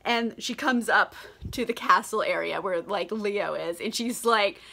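A woman's voice: medium pitch, measured pace, gravelly, pushed and bright. A tipsy young woman vlogging a casual, profane book summary, giggly and gushing, saying "like" all the time. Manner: giggly, crude, gushing, heavy on "like".

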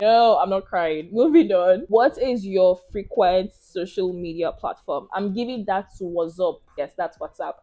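A woman's voice: fairly low pitch, mellow. A young woman with a Nigerian accent, chatting casually to viewers in a question-and-answer vlog and laughing often. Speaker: YouTuber.

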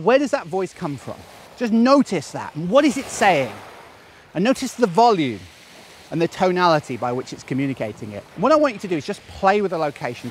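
Animated man giving self-help advice. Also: fairly high pitch, a little hiss or hum. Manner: animated, playfully acts out silly voices. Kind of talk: direct-to-camera advice video.

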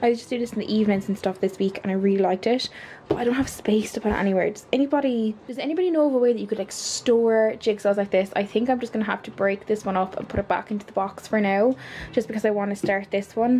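A young woman with an Irish accent chats to her camera in a casual vlog style. Her voice sits in a middle pitch and tumbles along with fillers and bursts of excitement. A faint hiss lies behind her. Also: fast talker. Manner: gushing, excitable, chatty with many fillers. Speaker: vlogger.

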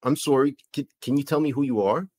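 A man's voice: medium pitch, quick pace, warm tone, lightly acted. A man voicing a polite, baffled Canadian trucker protester with a put-on Canadian accent, forever apologizing. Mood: polite, puzzled. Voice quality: apologetic, keeps saying sorry and eh.

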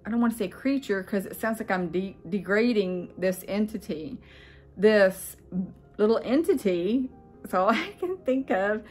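A middle-aged woman vlogger telling a personal story in a casual, earnest, rambling way, with many fillers and restarts. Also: medium pitch.

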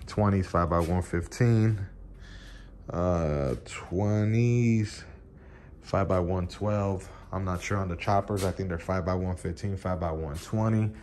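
A man's voice: low voice, a little hiss or hum. A man vlogging casually from his wheel shop, rambling and cursing with lots of fillers. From Puerto Rican heritage. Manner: laid-back, rambling, curses, many fillers like "you know". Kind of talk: casual vlog walkthrough.

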